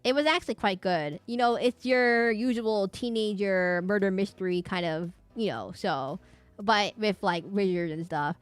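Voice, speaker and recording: A woman's voice: mid-range voice, moderate pace, smooth, no echo. Rambling woman streamer, dry close sound. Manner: rambling, digressive, chatty. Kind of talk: casual stream chat.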